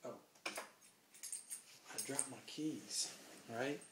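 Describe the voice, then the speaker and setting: A drunk man rambles very slowly through a profane anecdote, animatedly acting out the lines of the people in it. His voice is mid-range, and the recording sounds roomy with faint noise.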